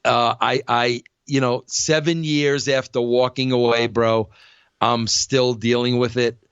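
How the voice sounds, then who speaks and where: An older man hosts a casual podcast, talking bluntly and animatedly and dropping "bro" into almost every thought. His medium-pitched voice is clear and resonant at a measured pace, with no echo but a lo-fi sound.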